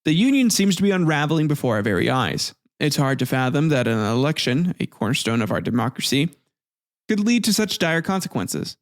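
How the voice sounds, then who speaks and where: A man's voice: fairly high pitch, sing-song, fairly quick. A man reading a worried merchant's letter in a solemn tone. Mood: grave.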